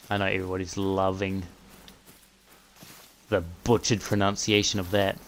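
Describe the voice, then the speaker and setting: A man live streaming a hunting game, chatting casually and often dropping to a quiet mutter. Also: sits low, monotone, moderate pace, long pauses. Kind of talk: casual gameplay commentary.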